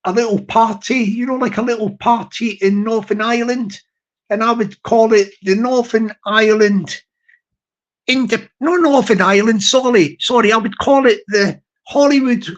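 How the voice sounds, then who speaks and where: A man chatting casually to his viewers as a streamer, rambling and halting with many restarts. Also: extremely high pitch, fairly even intonation, highs cut off.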